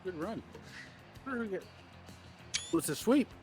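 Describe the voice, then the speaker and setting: Man, high voice, rambling stream co-host, animated storyteller, faint music behind. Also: moderate pace. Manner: laughing, animated, acts out quotes.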